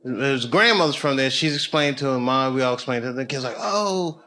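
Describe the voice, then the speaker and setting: A middle-aged man doing stand-up storytelling on stage, loose and conversational, building to loud excited bursts. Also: mid-range voice, fast. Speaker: stand-up comedian. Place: comedy stage with live audience. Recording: noisy live show recording. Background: audience laughter.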